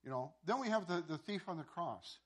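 A pastor telling a sermon story, with many repeated words and restarts. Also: male voice, high voice, animated, brisk, slightly rough.

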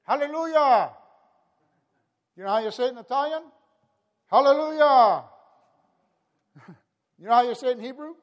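A man with a high voice delivers a sermon to his congregation. He talks in bursts, repeats words and stacks phrases into rising, emphatic climaxes. His voice rings out with a long reverb, as in a large church sanctuary. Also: very fast, hardly any pauses, muffled recording. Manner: impassioned, builds to emphatic peaks with frequent word repeats. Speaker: preacher.

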